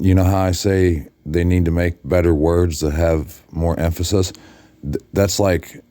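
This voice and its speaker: A man's voice: sits low, mellow, dry recording. An exhausted man lying in bed in a hotel room, talking casually to his followers late at night and rambling through restarts and self-corrections. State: exhausted and drained. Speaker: video blogger addressing his followers.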